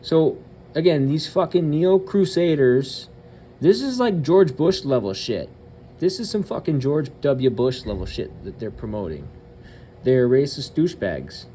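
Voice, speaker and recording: A man's voice: medium pitch, lively intonation, unhurried, dark tone, a little hiss or hum. Blunt, cursing man ranting. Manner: blunt and cursing, with frequent hesitant "um" fillers. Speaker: channel host. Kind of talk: profane ranting commentary.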